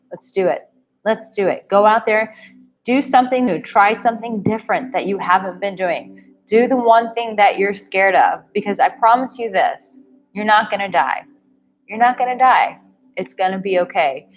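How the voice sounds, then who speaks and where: Brief: woman dating coach, live Q&A, warm pep-talk delivery, slightly dull home audio with faint background hum. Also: medium pitch. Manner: upbeat, encouraging, talks straight to viewers. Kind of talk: live-stream Q&A reading chat comments.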